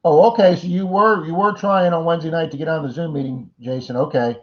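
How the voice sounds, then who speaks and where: A middle-aged man hosts a casual livestream chat with a fairly high voice for a man. He greets viewers by name and wanders through jokey, rambling asides. The stream audio sounds dull and lo-fi. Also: quick pace. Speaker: livestream host.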